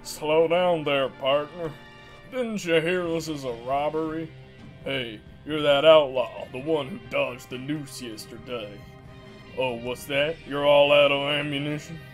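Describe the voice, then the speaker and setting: A drawling Western gunslinger stretches every word out, loud and theatrical, as a man puts him on. The voice sits slightly high for a man. Faint game music plays underneath. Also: fairly even intonation, natural voice. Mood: menacing swagger. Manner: slow, drawn-out, loud dramatic delivery. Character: slow-talking male Western gunslinger. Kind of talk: dramatic reading of game dialogue.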